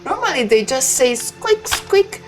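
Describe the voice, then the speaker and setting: A woman's voice: high-pitched, big pitch swings, measured pace, music in the background, voice pushed up. A woman voicing a cruel, mocking young sister in a text game, with a taunting, sing-song sneer.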